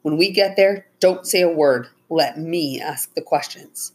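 A woman voicing a firm male park ranger who gives brisk orders. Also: deep voice. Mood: commanding. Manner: brisk and commanding.

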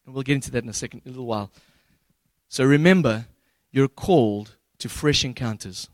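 A man preaching a sermon as pastor, retelling scripture in a relaxed, humorous way with slangy paraphrases. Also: mid-range voice, fairly quick, dry recording.

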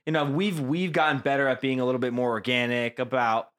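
A man's voice: medium pitch, quick pace. Chill guy co-host, mid voice, keeps tossing in "right?", easygoing chat. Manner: relaxed, affirming, with many "right?" tags. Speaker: podcast co-host. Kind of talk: casual podcast chat.

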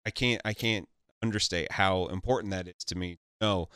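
A man interviewing a guest in a casual chat, halting and stumbling over his words. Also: sits low, pushed and bright, clear, resonant tone, dry recording, studio quality.

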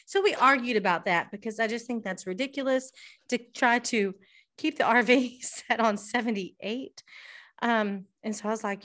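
Woman telling a lively rambling story. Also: on the high side, normal speed. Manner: animated storyteller, swears freely, restarts often. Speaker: podcast co-host. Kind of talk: casual chat.

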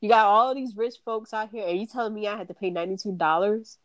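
Animated woman telling a story. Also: mid-range voice, quick pace, no room sound. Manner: animated storytelling, acting out quotes, swears and laughs often. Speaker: podcast co-host. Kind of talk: casual chat, telling a dream story.

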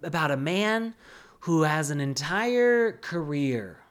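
A woman with a low-pitched voice that swings widely up and down as she co-hosts a casual recap podcast. She talks in an animated way, swears freely and acts out bits of the people she discusses. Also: slow. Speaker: podcast co-host. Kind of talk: casual reality-TV recap chat.

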